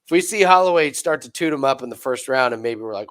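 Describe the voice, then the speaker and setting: A man in an easygoing sports-betting chat, running through fight picks in a loose, rambling way. He keeps restarting and tossing in quick asides, and his voice sits in an ordinary middle pitch. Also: expressive, fairly bright tone. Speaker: betting podcast co-host.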